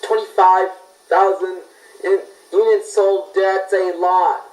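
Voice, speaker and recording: A man casually reacting to a video, halting and rambling, trailing off mid-sentence. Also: high voice, steady tone, a little mellow. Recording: echoey, distant room audio.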